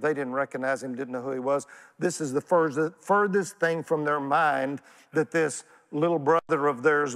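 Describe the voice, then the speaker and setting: A man with a Texan accent preaching a sermon as pastor, folksy and animated, calling on the congregation to answer back. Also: mid-range voice, vocal fry. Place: church sanctuary. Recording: church hall reverb.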